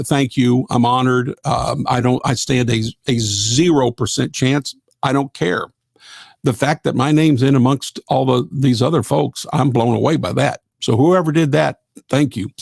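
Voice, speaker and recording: A man's voice: medium pitch, fairly even intonation, moderate pace, vocal fry, darkish tone, breathy edge, dry recording. A middle-aged man, hosting a live gospel radio show in a folksy, rambling way with lots of fillers. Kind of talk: casual live-stream chat.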